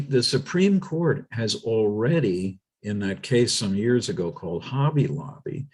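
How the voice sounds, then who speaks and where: A man speaking as a guest on a political talk show, emphatic and animated, often restarting his sentences. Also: on the low side, husky.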